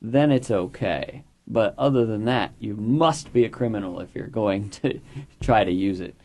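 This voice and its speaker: A man's voice: on the low side, expressive, unhurried, darkish tone. Hesitant wry male radio co-host. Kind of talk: call-in radio talk.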